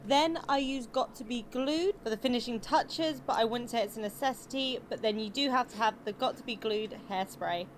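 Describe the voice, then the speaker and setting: Female narrator, polished newscaster-style delivery, slightly high voice. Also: moderate pace, few pauses, slight background noise. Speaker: wig tutorial narrator. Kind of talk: instructional voice-over.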